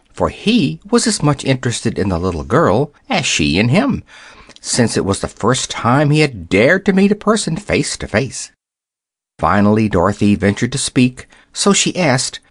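A man narrating a children's tale in a gentle, expressive storytelling voice. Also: medium pitch, dry recording, studio quality.

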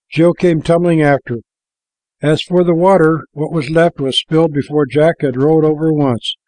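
A man reading a children's storybook aloud in a calm, measured way. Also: fairly high pitch, no room sound, rough recording.

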